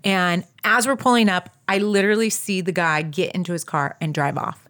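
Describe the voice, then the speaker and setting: Animated woman telling a story. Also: lowish voice, normal speed. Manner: animated, says "like" constantly, addresses listeners as "you guys". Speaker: podcast co-host. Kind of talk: casual storytelling chat.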